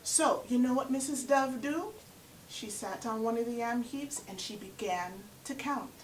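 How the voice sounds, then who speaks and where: A woman's voice: on the high side, unhurried, slight background noise. Woman telling a folktale. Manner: lively, inviting listeners to count along. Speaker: storyteller. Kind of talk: animated folktale telling to listeners. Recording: roomy echo from far off.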